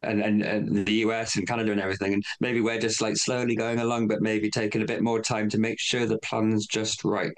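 Easygoing podcast host. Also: male voice, on the low side, little pitch movement, fairly quick, few pauses. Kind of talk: casual chat.

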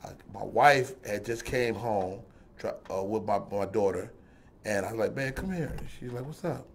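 A man's voice: lowish voice, steady tone, moderate pace, creaky, slight background noise. Man hosting a laid-back chat. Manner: storytelling, acts out quoted voices. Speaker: talk show host. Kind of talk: casual chat.

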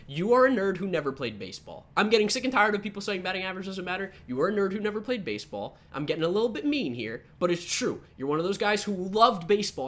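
A man's voice: high-pitched, fairly bright tone. A young man delivering a heated sports rant as a fan vlogger, profane and sarcastic.

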